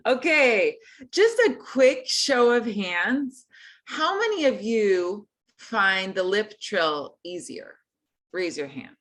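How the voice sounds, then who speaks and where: A woman's voice: medium pitch, big pitch swings, slow, a bit bright. A woman teaching an online group singing lesson, friendly and encouraging in a casual way.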